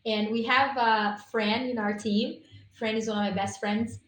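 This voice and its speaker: A woman's voice: a little high, steady tone, unhurried, slight background noise. A woman giving an enthusiastic, chatty product talk on a live stream over a video call. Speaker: guest presenter on essential oils. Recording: roomy echo, faint room ambience.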